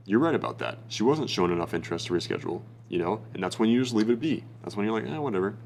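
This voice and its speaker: Young man, lowish voice, blunt swearing dating coach, casual bro talk. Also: very animated, racing, vocal fry, slight background noise. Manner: blunt, profane, bro-ish. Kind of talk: casual advice monologue.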